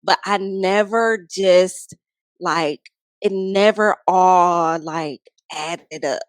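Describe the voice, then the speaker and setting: Podcast guest: young woman, lively pitch, salty and emphatic, dry close sound. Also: extremely slow, no room sound. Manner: animated and emphatic, with frequent profanity. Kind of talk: candid casual chat.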